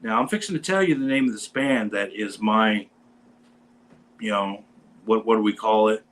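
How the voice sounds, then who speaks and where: A man hosting a casual show, telling a rambling, animated anecdote about meeting a band. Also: fairly low pitch, normal speed, slight background noise, poor audio. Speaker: podcast host; bass player in a metal band. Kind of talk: casual storytelling chat.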